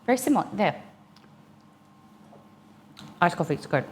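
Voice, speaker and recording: A woman's voice: fairly low pitch, big pitch swings, normal speed, darkish tone, slight background noise. A young woman chatting casually with viewers on a live stream while eating, reading chat aloud and answering.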